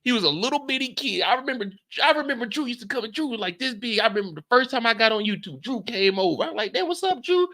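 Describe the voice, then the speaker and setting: A man's voice: very high-pitched, fast, hardly any pauses. A man hosting a live reaction stream, chatting casually, repeating himself and acting out quotes. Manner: animated, repeats lines, acts out quotes.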